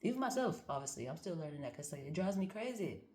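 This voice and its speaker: Low-voiced woman musing over cards. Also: big pitch swings, quick pace, mellow, echoey room. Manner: musing, candid, swears freely, thinks aloud. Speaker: card reader. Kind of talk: casual spiritual card-reading monologue.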